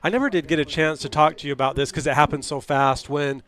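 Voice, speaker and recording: A man doing play-by-play for a high school football game, chatty and quick to laugh. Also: a bit bright. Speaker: play-by-play announcer.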